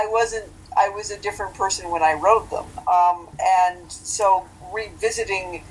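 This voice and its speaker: A woman's voice: lowish voice, a little hiss or hum, low-quality recording. A woman in her forties from British Columbia, a novelist guest in a casual interview, wry and self-deprecating, often laughing at herself. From British Columbia, Canada. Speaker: novelist and webcomic creator, guest.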